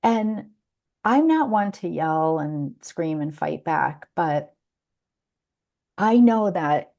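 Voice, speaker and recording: A woman's voice: low-pitched, animated, slow pace, vocal fry, darkish tone. A woman co-hosting a podcast, telling a story in casual chat, laughing often and restarting her sentences. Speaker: podcast co-host.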